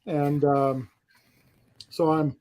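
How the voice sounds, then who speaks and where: A man with a somewhat raised pitch hosts a loose, casual chat among friends. He tells his story in a rambling, animated way, often stopping to restart a sentence. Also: very slow. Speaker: podcast host.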